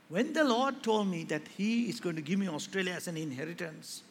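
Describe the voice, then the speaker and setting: A male pastor preaching a sermon to a church, swinging from quiet talk to loud impassioned calls and acting out the people in his stories. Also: sits high, fast talker, few pauses, a little hiss or hum. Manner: rises to loud impassioned preaching, acts out quoted voices. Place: large church hall. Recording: echoey hall with faint ambience.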